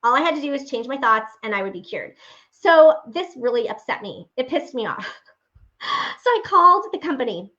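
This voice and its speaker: Animated woman telling a faith testimony. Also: sits high, moderate pace. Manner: animated storyteller acting out remembered dialogue; earnest, direct address to listeners. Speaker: faith-based motivational speaker. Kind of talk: personal testimony talk. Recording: dull lo-fi recording.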